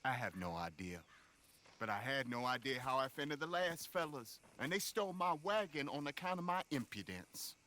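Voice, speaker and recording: A man's voice: mid-range voice, lively intonation, normal speed, pushed and bright. An actor playing a meek, apologetic traveling medicine man in a video game, talking in formal, wordy, overly polite phrases.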